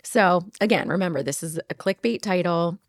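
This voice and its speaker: A woman's voice: lowish voice, moderate pace, no echo. Chatty woman podcast host, dry close sound. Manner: chatty, reads headlines aloud with lively asides. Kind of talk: casual podcast chat.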